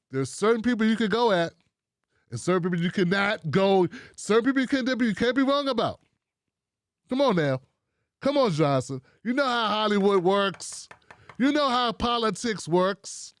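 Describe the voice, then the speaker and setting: A man's voice: high voice, expressive, normal speed, no echo, studio quality. A man hosting a commentary show, talking casually and mockingly and repeating himself for effect.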